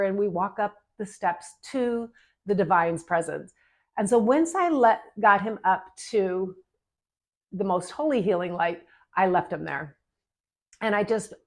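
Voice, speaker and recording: A middle-aged woman recounts a healing session with a young client, speaking with earnest, gentle spiritual conviction. Her sentences run on and flow into each other, and her voice sits at an ordinary middle pitch for a woman. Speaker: energy healer telling a client story. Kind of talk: heartfelt storytelling monologue.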